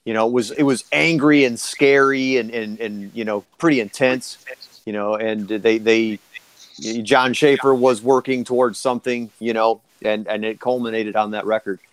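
A man co-hosting a podcast in casual chat, talking haltingly with many restarts. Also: mid-range voice, fairly even intonation, smooth, no room sound. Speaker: podcast co-host.

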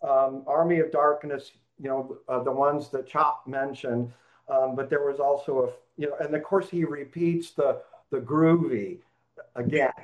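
A man co-hosting a casual movie podcast, speaking haltingly with many fillers. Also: mid-range voice, fairly even intonation, poor audio. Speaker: podcast co-host. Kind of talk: casual chat.

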